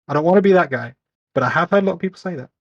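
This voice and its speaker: A man's voice: on the high side, lively intonation, very fast, no room sound, highs cut off. A man from the UK with a British accent, hosting and casting a casual esports league stream in an upbeat, chatty, self-mocking way. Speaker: league host and caster.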